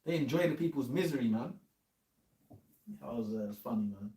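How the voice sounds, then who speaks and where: A man's voice: mid-range voice, expressive, moderate pace, warm tone, recorded from a distance. A man in a rambling casual chat, full of slang and often calling others "man". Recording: echoey room, off mic.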